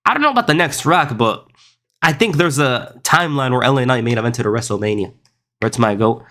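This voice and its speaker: A man's voice: medium pitch, lively intonation, a little fast, fairly bright tone. A young man streaming live, reading chat aloud and riffing on it in a rambling, casual way, often saying "bro" and "listen.".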